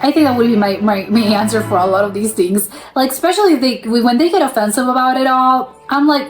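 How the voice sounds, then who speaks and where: A young woman from the United States chats through a reaction video in a fairly high voice, full of "like"s and restarts. Her pitch leaps up when she stresses a point. Soft music plays faintly behind her. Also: brisk, hardly any pauses. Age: young adult. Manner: rambling, filler-heavy, frequent restarts. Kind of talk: casual reaction commentary.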